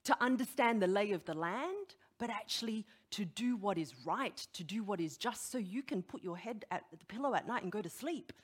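A middle-aged woman preaching a sermon, animated and emphatic, putting direct questions to her listeners. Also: medium pitch, normal speed, hardly any pauses, husky.

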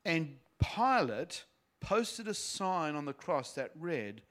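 A man's voice: on the high side, very animated, slow, a bit bright. A man reading a Bible passage aloud and breaking off into casual, explanatory teaching asides. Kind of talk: scripture reading with commentary.

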